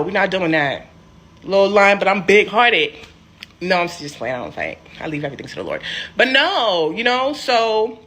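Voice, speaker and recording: A young woman telling a personal story in a casual, animated, sassy way. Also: on the low side, slight background noise. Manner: animated, sassy, emphatic swings.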